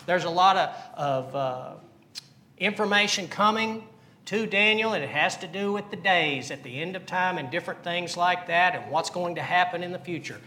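A man delivering a sermon in a high, ringing voice. He speaks with earnest conviction, repeats his points and puts questions to the congregation. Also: normal speed, pushed and bright, a little hiss or hum. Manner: earnest preaching with rhetorical questions and repetition. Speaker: pastor.

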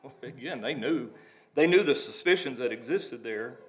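A man's voice: mid-range voice, lively intonation, moderate pace. A man preaching a sermon, reading scripture aloud and breaking into plain conversational asides to explain it.

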